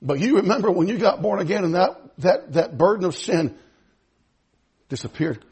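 A man with a very high, husky voice preaches a sermon. His pitch climbs and dives with lively energy, moving from loud fervent exhortation to hushed, low pleading. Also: moderate pace. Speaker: pastor.

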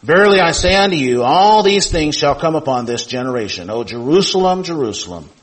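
A man's voice: a little high, animated, a little fast, low-quality recording. A man teaching a Bible class, reading scripture aloud and asking the class questions, with many repeated points and fillers. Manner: reads scripture aloud in King James wording, repeats key points, asks the class questions.

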